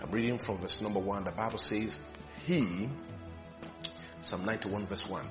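A male pastor preaching slowly and emphatically, repeating phrases with rising fervor. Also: on the low side, fairly even intonation, sharp tone, soft background music. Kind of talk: sermon.

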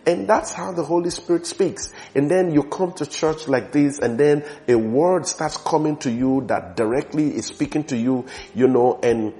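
A man preaching a sermon with emphasis, repeating words for stress and swinging between soft and loud passages. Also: a little high, normal speed, hardly any pauses.

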